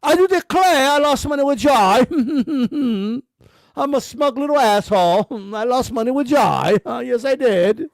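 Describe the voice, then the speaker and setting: A man's voice: very high voice, lively intonation, measured pace, no room sound, full character voice. A man putting on the voice of a smug, pompous male boxing promoter, prim and affected, repeating a fussy catchphrase. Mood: smug mockery.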